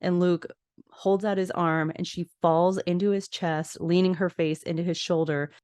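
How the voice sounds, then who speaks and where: A woman hosting a podcast, casually recapping a TV episode in a chatty, expressive way, mixing plot narration with her own opinions. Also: lowish voice, normal speed, clear, resonant tone, no room sound, studio quality. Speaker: podcast host. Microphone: podcast microphone.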